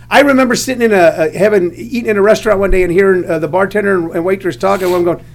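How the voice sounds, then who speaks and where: A man with a notably high voice, talking casually as a stand-up comic. He tells stories from the road and drops in quick agreeing yeahs. His pitch sits well above most men's. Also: vocal fry. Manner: storytelling with lots of agreeing yeahs. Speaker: stand-up comedian. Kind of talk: casual conversation.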